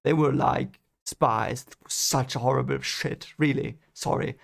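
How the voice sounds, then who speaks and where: A man from Germany with a gravelly, creaky voice, reacting to a book as he reads it. He talks in an emotional, rambling way, swearing and then apologizing. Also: medium pitch, steady tone, unhurried. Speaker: channel host reading a book aloud. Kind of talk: first-time reading reaction.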